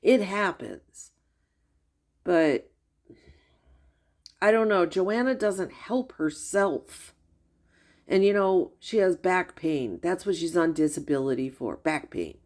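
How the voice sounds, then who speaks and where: A woman's voice: lowish voice, expressive, slow pace, long pauses, darkish tone. Incredulous middle-aged woman commentating. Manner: incredulous and gossipy, with frequent sighs and laughs. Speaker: commentary streamer. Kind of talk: reaction commentary.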